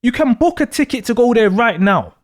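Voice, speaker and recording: A man's voice: very high-pitched, animated, fairly quick. A man voicing a crude, blunt young man who swears freely and mocks his friends. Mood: mocking.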